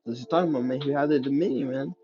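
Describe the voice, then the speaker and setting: Guy reading old scripture then preaching on it, dark mellow voice, dull lo-fi sound w faint music under. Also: medium pitch. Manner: reads slowly with stumbles, then breaks into slangy commentary. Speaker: scripture teacher.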